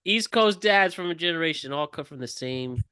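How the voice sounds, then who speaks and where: A man's voice: a little high, expressive, moderate pace, pushed and bright, clear, resonant tone, dry recording. Laid-back male podcast host. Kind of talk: casual chat.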